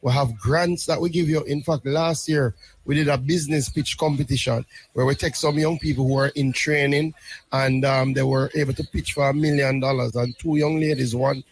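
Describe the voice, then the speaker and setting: A man's voice: mid-range voice, steady tone, moderate pace, husky. Man explaining farm policy. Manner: explains policy patiently, says "right?" often. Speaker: government minister. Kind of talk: interview answers.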